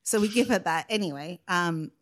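A woman's voice: on the low side, normal speed. A woman chatting as a guest and telling stories, laughing often and using a lot of fillers. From Australia. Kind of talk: casual chat.

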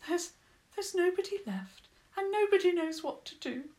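A woman's voice: high voice, expressive, unhurried, pitched above the performer's own voice. A woman voicing a tiny, nearly blind male mole who stammers and frets, in a children's storybook reading. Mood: tearful. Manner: stammering, earnest and fretful.

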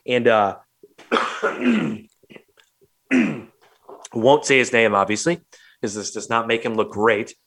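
A man's voice: mid-range voice, slow, pauses often. A man from St. Louis hosting a podcast, telling a story casually and acting out the quotes with plenty of swearing. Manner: animated, swears freely, acts out quotes. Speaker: podcast host.

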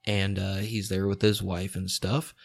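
A man telling a story in a casual, relaxed way, swearing freely and chuckling often. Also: sits low, measured pace, creaky.

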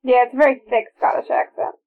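Through phone-like, narrow audio, a woman with a high voice and fairly even intonation speaks quickly. As a podcast co-host watching a movie, she chats casually and shares trivia with real enthusiasm.

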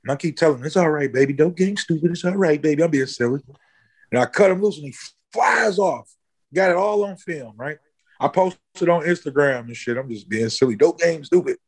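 A man in an interview, casually telling a long story, swearing freely and jumping high in pitch when he acts out what people said. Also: lively intonation, brisk, breathy edge. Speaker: interview guest, musician.

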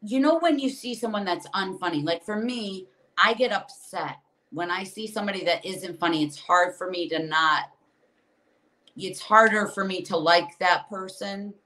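A woman's voice: medium pitch, moderate pace, sharp tone, low-quality recording. A woman comedian, a podcast guest, talking candidly and venting with acted asides. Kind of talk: casual podcast chat.

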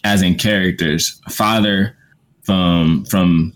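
A man's voice: low-pitched, fairly even intonation, takes it slowly. A man co-hosting a casual podcast chat, laid-back and slangy. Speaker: podcast co-host.

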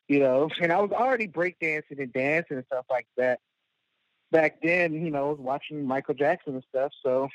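This man's voice runs on the high side and a bit bright, at a moderate pace. Appearing as a guest, he rambles through a lengthy personal story, full of fillers and self-directed laughter. The lo-fi recording sounds dull and dry, with no room sound.

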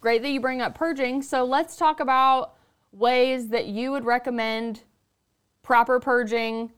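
Female podcast host, high clear voice, chatty and foul-mouthed. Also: measured pace. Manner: profane, lively storyteller. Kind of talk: casual podcast chat.

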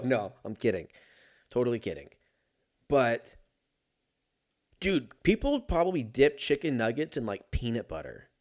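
A young man in a casual comedic rant, profane and rambling, jumping into mock voices of people he quotes. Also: mid-range voice.

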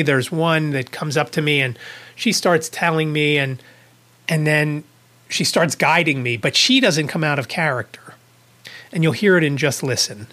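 A man's voice: on the high side, fairly bright tone. A man hosting a podcast, telling a rambling first-person story in a casual way, with a chuckle here and there. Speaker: podcast host.

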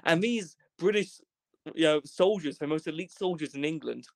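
A young man from Wales telling a comedic travel story as a podcast guest, animated, in quick bursts, swearing and acting out voices. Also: on the high side, creaky, dry recording. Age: young adult.

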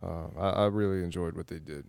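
A man with a New Orleans accent chatting casually on a podcast, laid-back and pausing with "uh". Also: deep voice, fairly even intonation, gravelly, darkish tone, clear, resonant tone, no echo. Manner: laid-back, many "uh" pauses. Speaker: podcast co-host. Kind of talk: casual chat.

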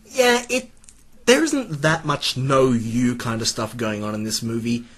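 Man, husky voice, casual movie commentary, explains scenes. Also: medium pitch, unhurried, a bit bright. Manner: explains scenes, laughs easily.

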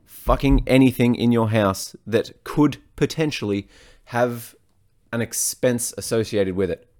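A man's voice: medium pitch, measured pace, darkish tone. A man, a fitness coach, talking alone on his podcast in a blunt, profane, rambling way. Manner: blunt and profane, frequent swearing; rambling, self-correcting, off on tangents. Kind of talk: solo podcast monologue.

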